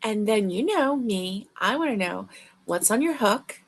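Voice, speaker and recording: A woman's voice: medium pitch, lively intonation, measured pace. A woman hosting a crochet livestream, chatting casually with viewers. She sounds tired and yawns, but keeps up friendly, chatty greetings. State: tired and yawning. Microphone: livestream webcam mic.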